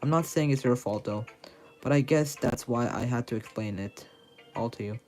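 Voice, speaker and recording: A man's voice: medium pitch, moderate pace, darkish tone, lightly acted, poor audio. A man voicing a confident, controlling girl who leads a club, reading game dialogue aloud with small stumbles.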